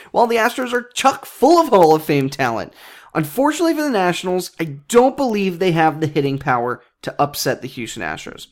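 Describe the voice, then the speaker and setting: Animated young man hosting a sports podcast. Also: high-pitched. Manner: jokey, self-deprecating, rambling with restarts. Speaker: podcast host. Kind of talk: casual sports talk.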